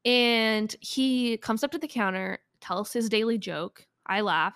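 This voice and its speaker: A woman's voice: a little high, a little slow, fairly bright tone, clear, resonant tone, no echo, clean studio sound. A young adult woman hosting a podcast, telling stories in a chatty, casual way with frequent laughs and fillers. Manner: chatty, laughs often, lots of "like". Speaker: podcast host. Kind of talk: casual solo podcast storytelling.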